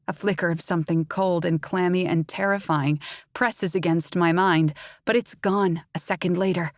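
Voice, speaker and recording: A woman narrating a first-person fantasy audiobook in a measured, dramatic way. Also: on the low side, no echo, studio quality. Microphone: close studio mic.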